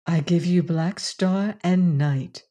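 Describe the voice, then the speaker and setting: A woman reading aloud and voicing a gentle, selfless woman rancher who speaks softly and earnestly. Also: lowish voice, slow pace. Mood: tender. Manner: soft, earnest, musing.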